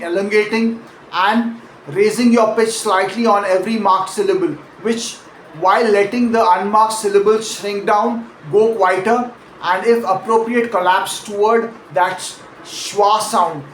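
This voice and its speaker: High-voiced male accent coach, echoey room. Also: steady tone, unhurried, slight background noise. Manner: explanatory, demonstrates word stress by example. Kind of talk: pronunciation lesson.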